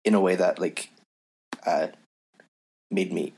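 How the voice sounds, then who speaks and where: A man with a very low voice, chatting casually as a podcast co-host. He speaks haltingly and searches for his words with frequent "uh" and "um". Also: fairly even intonation, darkish tone, husky. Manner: hesitant, halting, full of "uh" and "um". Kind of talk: casual discussion of a comic.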